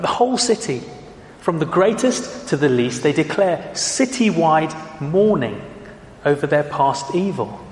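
A man preaching a sermon in an earnest, conversational way, asking his listeners questions. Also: on the high side. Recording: echoey hall with long reverb.

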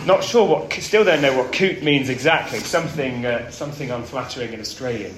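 A man preaching a sermon in a mid-pitched voice, earnest and given to storytelling. He often drops low and quiet to drive a point home. The room rings around him, with a faint hum of ambience behind. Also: a little fast, echoey room. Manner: earnest, storytelling, varies loud and soft.

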